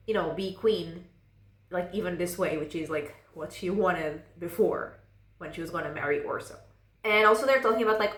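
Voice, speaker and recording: A woman's voice: mid-range voice, fairly bright tone. Female book vlogger, casual rambling recap, echoey room. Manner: rambling, fills with "like".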